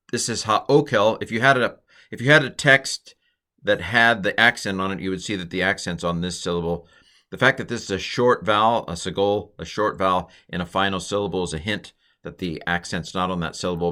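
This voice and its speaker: A man's voice: low-pitched, sharp tone. A man giving an informal Hebrew grammar lesson, explaining step by step with chatty, playful asides. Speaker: Hebrew teacher.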